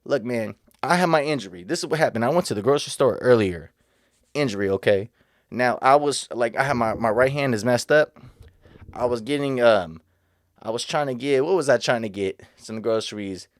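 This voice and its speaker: A man's voice: mid-range voice, expressive, a little fast, no echo, clean studio sound. A man vlogging casually, rambling and earnest, with slightly slurred speech. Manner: rambling, repetitive, restarts often; earnest, motivational. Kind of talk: casual reaction vlog.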